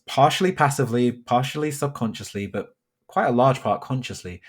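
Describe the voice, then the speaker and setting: A young man from London in a relaxed podcast conversation, his voice sitting at an average pitch. He talks with deliberate, carefully pronounced words, as a teacher used to being understood by everyone. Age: young adult. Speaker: podcast guest, geography teacher. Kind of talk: casual conversational interview.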